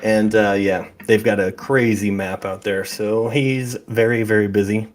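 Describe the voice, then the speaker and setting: A man hosting a live awards stream, announcing winners in a relaxed, matter-of-fact way. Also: on the low side, a little slow. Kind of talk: casual live chat.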